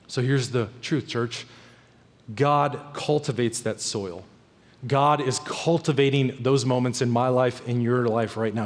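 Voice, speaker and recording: A man's voice: medium pitch, darkish tone, long reverb tail. A man preaching a sermon to his church as pastor, emphatic and repeating key phrases for weight.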